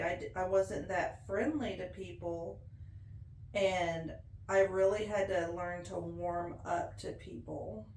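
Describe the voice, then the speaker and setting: A woman's voice: fairly low pitch, darkish tone, slight background noise. A woman in her forties with a blended Appalachian and Ozark accent, speaking in a homey, folksy way in an oral history interview. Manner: slow, homey and folksy with laughs. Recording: roomy echo.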